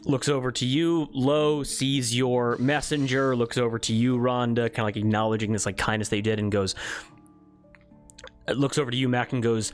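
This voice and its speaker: A man's voice: medium pitch, fairly even intonation, moderate pace, soft background music. A man narrating as game master in a casual, rambling way, full of filler words.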